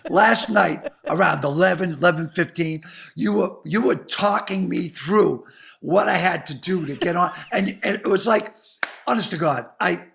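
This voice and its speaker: Animated older Boston man, gravelly and bright. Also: sits high, normal speed. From Boston area. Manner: animated, profane, acts out voices in his stories. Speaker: guest comedian. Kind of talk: storytelling interview chat.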